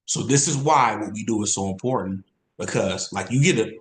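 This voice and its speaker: A man giving an energetic, repetitive sales training talk as an insurance coach. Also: fairly low pitch, moderate pace. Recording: roomy echo.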